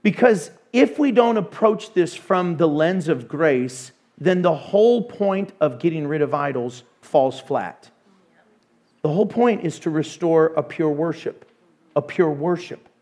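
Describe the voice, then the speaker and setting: Guy preaching a sermon, pretty high voice, super animated, drops to a hush then bursts out. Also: a little slow. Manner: animated, acts out voices with sudden hushes and bursts. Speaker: pastor.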